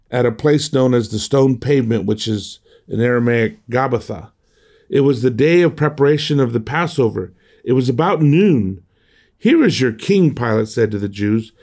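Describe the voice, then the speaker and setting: A man's voice: mid-range voice, a little mellow. A middle-aged man giving an earnest sermon as a pastor, often restarting and repeating words as he goes.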